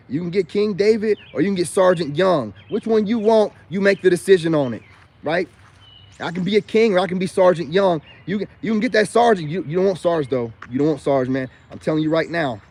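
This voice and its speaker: Boastful, defiant man with a high voice. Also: a little mellow. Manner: repeats filler asides often. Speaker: self-styled life coach vlogger. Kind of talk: unscripted rant to camera.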